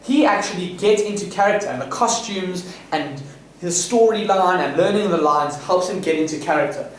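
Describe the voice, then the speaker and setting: A man from South Africa delivers rambling, boastful self-improvement advice, full of restarts and confident asides. His voice sits a little high for a man. He is heard from some distance in a very echoey room, with faint ambience underneath. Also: moderate pace, a little hiss or hum. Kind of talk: casual advice monologue.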